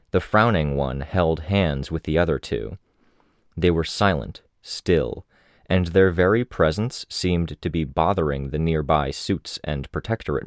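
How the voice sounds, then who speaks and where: A man narrating an audiobook in a measured, steady way. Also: extremely low pitch, dry recording, studio quality.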